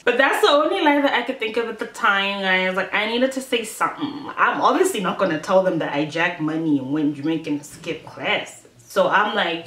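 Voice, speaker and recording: A young woman, telling a casual storytime to her viewers in a chatty, expressive way and acting out her own past thoughts. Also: on the low side, a little fast, few pauses, a little hiss or hum. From Malawi. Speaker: YouTuber. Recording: echoey room.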